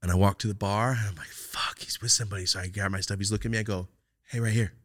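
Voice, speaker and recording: A man hosting a podcast, telling a story in casual chat, animated and profane with loud outbursts. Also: fairly low pitch, very fast, no echo, clean studio sound. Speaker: podcast host.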